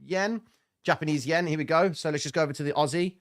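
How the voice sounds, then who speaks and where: A man's voice: a little high, fast. A man hosting a live trading stream, giving blunt, slangy market commentary and answering chat comments.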